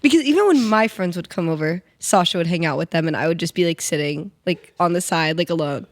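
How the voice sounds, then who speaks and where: A woman's voice: lowish voice, lively intonation, fast talker, hardly any pauses, no room sound, clean studio sound. A young woman co-hosting a podcast in casual chat, rambling with lots of fillers and teasing her sister. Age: young adult. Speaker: podcast co-host.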